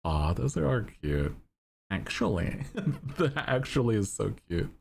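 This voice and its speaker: A young man streaming, chatting casually with his viewers in a deep monotone, laid-back and giggly as he reads chat. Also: moderate pace, creaky, a little hiss or hum.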